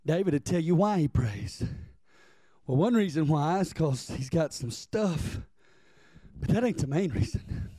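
A man's voice: fairly high pitch, animated, unhurried, mellow, no echo, studio quality. A man preaching a sermon in a folksy way, repeating himself and calling on the congregation to answer. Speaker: pastor.

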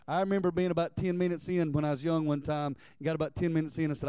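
A man of about forty preaches with heartfelt urgency, tripping over repeated words as his passion climbs. His voice sits high and rings clean and smooth. The sound is close and dry, with no room around it. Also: quick pace, hardly any pauses, mellow, no echo. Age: 40s. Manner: earnest, stammering restarts, building in intensity. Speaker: pastor. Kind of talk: sermon.

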